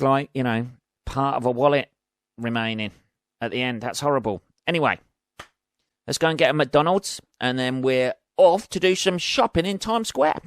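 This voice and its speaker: An English man hosts his own podcast in a casual solo monologue, rambling, swearing freely, making dark jokes and acting out both sides of imagined conversations. His voice is medium-pitched, recorded in studio quality with no room sound.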